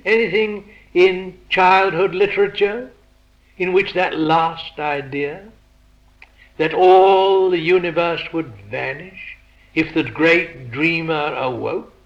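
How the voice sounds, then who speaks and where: A man giving a philosophical lecture, measured and posing rhetorical questions to his listeners. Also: a little high, fairly even intonation, highs cut off.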